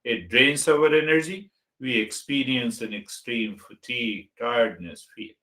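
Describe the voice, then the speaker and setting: A man giving a meditation teaching talk as a spiritual teacher, speaking deliberately and listing words one at a time. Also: medium pitch, fairly bright tone. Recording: roomy echo.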